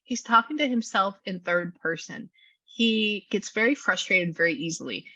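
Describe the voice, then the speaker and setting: Bright-voiced chatty woman medium. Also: mid-range voice, breathy edge, no echo. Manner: chatty and quick, with many fillers and laughs. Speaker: psychic medium. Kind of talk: spirit reading session. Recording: dull lo-fi audio.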